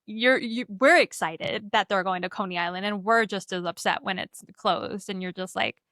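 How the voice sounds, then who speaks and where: In a casual, animated podcast chat recapping a film, a young female co-host performs the characters' lines. Her mid-range voice is pushed and bright at a moderate pace, captured as clean studio sound with no room sound.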